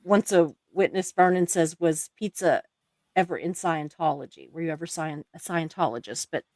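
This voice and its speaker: A woman's voice: low-pitched, normal speed, a little mellow, no room sound, clean studio sound. A woman with an accent hosting a live stream, reading viewer comments aloud and laughing often. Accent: non-native English accent.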